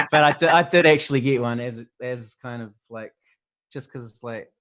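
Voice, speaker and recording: A man's voice: mid-range voice, measured pace, fairly bright tone. A man with a New Zealand accent, hosting a stream and chatting casually in a laid-back, rambling way full of fillers. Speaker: stream host. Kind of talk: casual chat.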